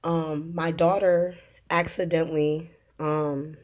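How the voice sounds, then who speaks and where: A woman talks to her channel's viewers in a loose, rambling testimony. She laughs often and fills her pauses with ums. Her voice sits slightly low for a woman. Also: flat delivery, darkish tone. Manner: rambling, earnest, laughs often, many fillers. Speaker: religious video host. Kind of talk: casual spoken testimony to camera.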